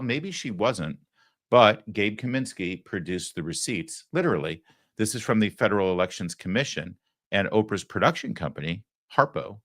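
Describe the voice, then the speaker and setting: A man's voice: low voice, fairly bright tone, no room sound. A man hosting a political talk show, talking with sarcastic, mocking asides from a studio. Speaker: host.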